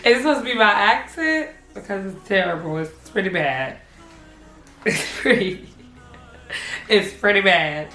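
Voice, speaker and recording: A young woman gives casual reaction commentary on her old clips, giggling and teasing herself. Her voice sits mid-pitch in an echoey room, with faint music behind. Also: animated, a little slow, long pauses, a bit bright.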